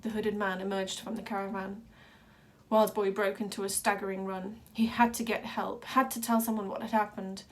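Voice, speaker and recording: A woman reading a children's novel aloud with steady, dramatic narration. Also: mid-range voice, normal speed. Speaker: reader. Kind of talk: storybook read-aloud.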